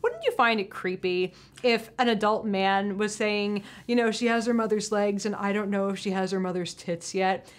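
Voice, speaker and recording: A woman's voice: medium pitch, fairly even intonation, normal speed. A woman in her thirties chatting casually, blunt and crude, with sarcastic asides. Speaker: podcast guest. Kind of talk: casual chat.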